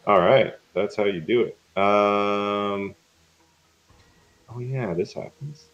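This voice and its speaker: A man narrating and running combat as the game master of a tabletop game, casual and quick with rules calls. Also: fairly low pitch, dull audio.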